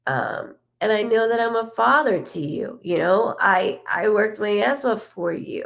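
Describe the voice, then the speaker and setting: Woman medium on a live stream, gravelly edge, halting and gentle, passes on messages in first person. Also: mid-range voice, expressive. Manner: relays a spirit's words in first person; soft, halting, full of restarts. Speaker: psychic medium.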